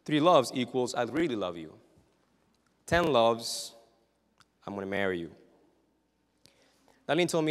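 A man preaching from the pulpit in a mid-pitched voice, telling humorous stories and building to loud, emphatic peaks after quiet, hushed passages. His voice carries a long reverb tail from the church hall around him. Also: sing-song, measured pace, long pauses. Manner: dramatic, shifting from hushed to loud; humorous storytelling. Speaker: pastor. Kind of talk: sermon. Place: church sanctuary.

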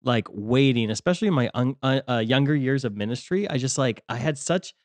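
Heard with no room sound, a mid-range male voice comes across animated and fairly quick. He's a ministry leader co-hosting a faith podcast, musing casually about belief while often restarting and leaning on fillers.

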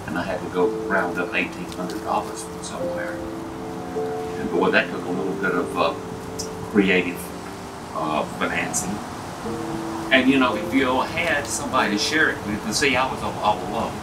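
Man, 60s, documentary interviewee, plain-spoken storyteller; recorded far off in an echoey space over loud music. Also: low-pitched, normal speed. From Tennessee, US. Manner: plain-spoken, recounts events by acting out other people's words. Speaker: documentary subject. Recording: roomy and distant with loud music.

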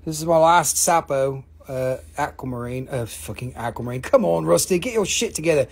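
A live-stream seller of rocks and crystals who talks in a casual, joking, profane and excitable way. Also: mid-range voice, a little fast, vocal fry, husky. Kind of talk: casual live sales chat.

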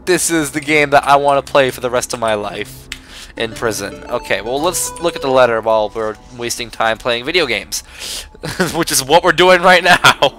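A man's voice: medium pitch, normal speed, sharp tone, soft background music. A young man giving sarcastic, joking let's play commentary as a gaming YouTuber.

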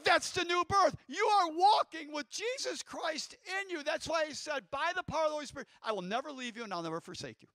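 A man delivers an excitable sermon in a strikingly high, bright voice. He bursts into shouts and pulls the congregation into call-and-response. The sound is dry and close. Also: a little fast, few pauses, dry recording. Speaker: guest preacher.

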